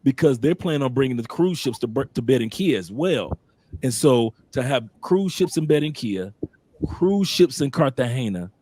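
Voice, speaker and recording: A man hosting a casual chat, telling stories in a lively way and often restarting with repeated words. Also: mid-range voice, dry recording. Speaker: podcast host living abroad.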